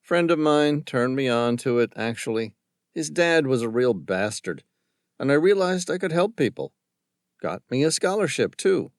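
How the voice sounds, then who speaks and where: A male narrator voicing a cocky young lawyer with a Southern accent, smooth-talking and smug. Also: mid-range voice, animated, moderate pace, no room sound, clean studio sound, voice pushed up, lightly acted. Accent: American Southern.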